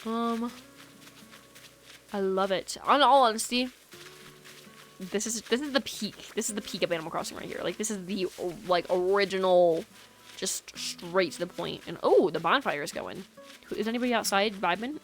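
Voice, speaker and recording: A woman's voice: mid-range voice, normal speed, faint music behind. A woman streaming a video game, chatting casually in a giggly, rambling, playful way into a USB microphone at home. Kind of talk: casual gameplay chat.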